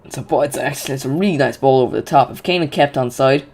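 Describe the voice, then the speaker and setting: A man hosting a live football watch-along, chatty and excitable, often restarting his sentences. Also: medium pitch, fast talker, vocal fry.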